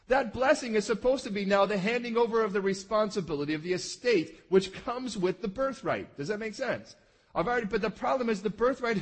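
Male pastor, animated conversational sermon, husky tone. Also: sits high. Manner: conversational, checks in with listeners, acts out quoted lines.

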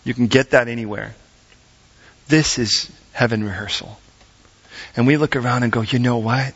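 Animated male preacher, mid-pitched, dull lo-fi church recording. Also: normal speed, vocal fry, breathy edge. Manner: animated, acts out voices, direct questions. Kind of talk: sermon. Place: church service.

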